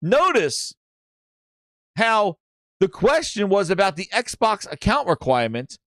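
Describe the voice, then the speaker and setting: A man hosts a casual gaming news show, his voice a touch higher than most men's. He rambles and mocks, restarting his sentences as he goes. The sound is dry and close, with no room around it. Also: sing-song, slow pace, fairly bright tone, no room sound. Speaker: gaming podcast host.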